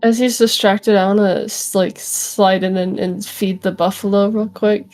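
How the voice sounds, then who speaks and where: A woman playing a tabletop game, speaking gently and hesitantly with many fillers. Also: medium pitch, steady tone, moderate pace. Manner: gentle, hesitant, says "like" often. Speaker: player. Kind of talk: tabletop role-play.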